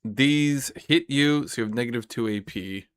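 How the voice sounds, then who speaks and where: A man's voice: mid-range voice, moderate pace, clear, resonant tone. A man playing a tabletop wargame, thinking aloud, counting dice and swearing at his own mistakes. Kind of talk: casual play commentary.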